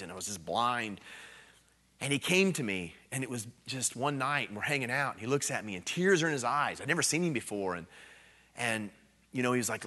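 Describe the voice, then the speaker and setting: Animated, bright-voiced male revival preacher. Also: mid-range voice. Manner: swings from hushed storytelling to loud emphatic bursts; earnest, self-deprecating. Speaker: evangelist preacher. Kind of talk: revival sermon.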